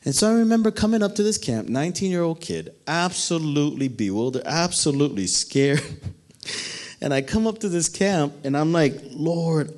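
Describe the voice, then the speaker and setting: A man preaching a sermon, telling a personal story with animated delivery and acted-out voices. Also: a little high, fairly quick.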